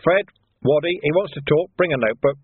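A man's voice: fairly high pitch, a little fast, slightly rough, no room sound, pitched above the performer's own voice. A man voicing a shrewd male police commander who talks with dry, mock-cheerful menace, recorded with a narrow phone-like sound. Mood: sardonic.

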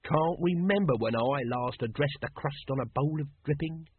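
A man voicing a scruffy, coarse little watchman with a husky, cheeky delivery. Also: on the high side, moderate pace, dry recording. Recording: dry, narrow phone-like sound.

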